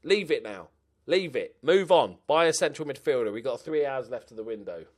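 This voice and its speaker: A man's voice: mid-range voice, normal speed. Chatty man commentating his game. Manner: animated, talks to himself, swears and mutters. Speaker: gaming commentator. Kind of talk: casual gameplay commentary.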